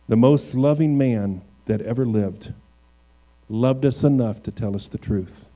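Here a pastor with a mellow, mid-range voice gives a sermon. Scripture comes first, read slowly, and then he climbs toward forceful, raised crescendos.

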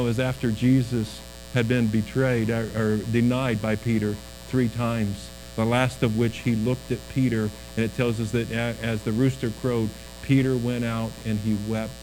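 A man preaching a sermon as a pastor, earnest, his voice dropping low and quiet on key lines. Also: a little hiss or hum, poor audio.

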